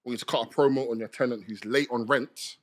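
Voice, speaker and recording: A man co-hosting a podcast, running a promo game and reading out scenarios in a relaxed, plain way. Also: mid-range voice, fast talker. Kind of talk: casual podcast chat.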